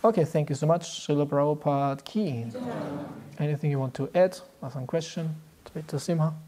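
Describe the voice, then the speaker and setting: Male spiritual teacher, warm low-key delivery, laughs easily. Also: a little fast, slight background noise. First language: German. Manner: chuckles often, relaxed and storytelling. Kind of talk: devotional talk to a group.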